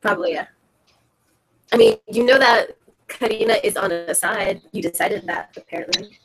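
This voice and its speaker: A woman's voice: mid-range voice, normal speed, fairly bright tone, slightly rough, poor audio. A woman playing a tabletop game, joking casually with the group. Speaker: player.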